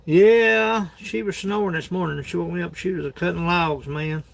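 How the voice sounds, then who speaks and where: A man's voice: a little high, fast talker, gravelly. A man, chatting casually on a phone livestream in a rambling, folksy way, laughing often. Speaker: livestream host.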